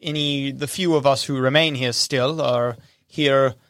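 A man's voice: medium pitch, steady tone, measured pace, a bit bright, dry recording, clean studio sound, pitched below the performer's own voice. A man voicing a formal, reserved butler who speaks with stiff deference. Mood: deferential. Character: formal, reserved male butler, middle-aged.

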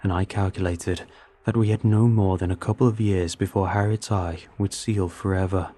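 Cold, secretive scientist, read by a man, muttered lines in a warm, low voice. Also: steady tone, normal speed. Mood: curt. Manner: muttering, curt.

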